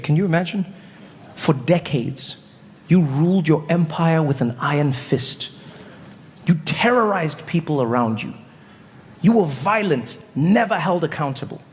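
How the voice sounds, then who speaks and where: A man doing stand-up comedy on stage, an animated storyteller who acts out voices. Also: a little high, moderate pace, long pauses. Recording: live hall reverb, faint noise.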